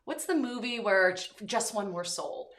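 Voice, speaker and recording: A woman hosting a casual podcast chat, telling stories with animated acted-out quotes. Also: mid-range voice, moderate pace. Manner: animated storytelling, acting out quotes. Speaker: podcast host. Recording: roomy echo.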